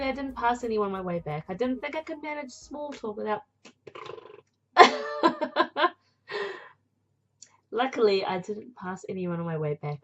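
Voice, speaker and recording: A woman reading a visual novel aloud as narrator, with chatty, playful asides and a breathy voice. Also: medium pitch, fairly bright tone, muffled recording. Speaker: game narrator and player.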